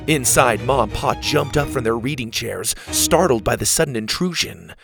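Gravelly, animated male storyteller. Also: mid-range voice, normal speed, over music. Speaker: audiobook narrator. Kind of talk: storybook narration.

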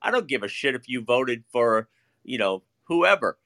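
Heated male debate host, bright and lively, profane, talks over people. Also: mid-range voice, moderate pace, no room sound.

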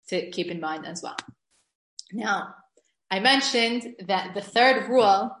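A woman's voice: mid-range voice, a bit bright. A middle-aged woman teaching a recorded lesson on Hebrew grammar, explaining rules eagerly and reading verses aloud. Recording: echoey room.

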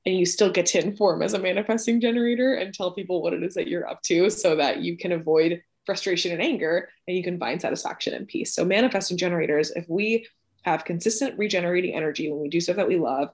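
A woman's voice: fairly low pitch, fast talker. A young adult woman explaining a personal belief system in casual, chatty talk, often checking in with "right?" and filling her sentences with "like". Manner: chatty, frequent "like" and "right?", animated emphasis. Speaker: podcast guest explaining Human Design.

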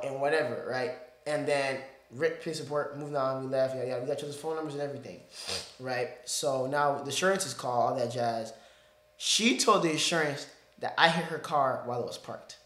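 A podcast host with a fairly high male voice spins a rambling story in an echoey room. He's animated and chatty, sprinkling in slang like "bro."

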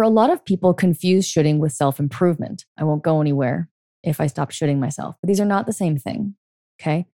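A woman's voice: low-pitched, dark tone, no room sound, studio quality. A middle-aged woman hosting a solo podcast as a life coach, talking earnestly and often checking in with "okay?".

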